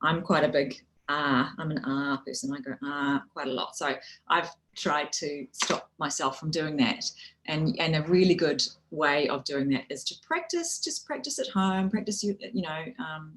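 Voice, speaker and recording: A woman with a New Zealand accent gives practical tips on public speaking in a low voice. She is friendly and easygoing, often restarting a phrase or adding "you know" as she explains. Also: normal speed, fairly bright tone, poor audio. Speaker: speaking coach. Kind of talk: instructional talk on public speaking.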